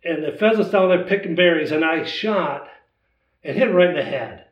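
A man in his sixties, a guest telling a hunting story in a lively, casual way, acting out the voices in it. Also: on the high side, normal speed. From United States. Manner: animated storyteller, acts out voices in his tale. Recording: roomy, distant, dull sound.

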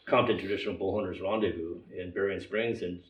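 Low-voiced older man hosting an interview. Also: fairly even intonation, quick pace, reverberant, far from the mic, poor audio. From United States. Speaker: podcast host. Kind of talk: casual interview chat.

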